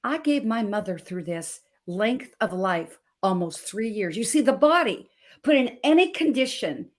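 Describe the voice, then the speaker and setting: A Montana health coach in her thirties appears as a guest on a talk show, sharing an emotional personal story with passion and emphatic, repeated phrases. Her voice sits in the mid-range, with big pitch swings and a measured pace.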